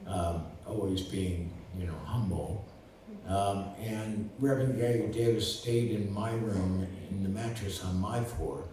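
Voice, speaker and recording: Older male storyteller, rambling, halting delivery, far from the mic, faint hiss. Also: sits low. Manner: rambling, with many fillers and restarts. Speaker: lawyer and guest. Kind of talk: casual storytelling. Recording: roomy distant recording with faint noise.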